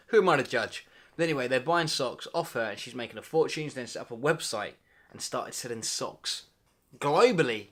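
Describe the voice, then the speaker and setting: A man in his twenties talks straight to camera in a comedic vlog. He plays it mock-dramatic, with loud bursts of hype and low, muttered asides. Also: animated, a little fast. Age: 20s. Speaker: vlogger.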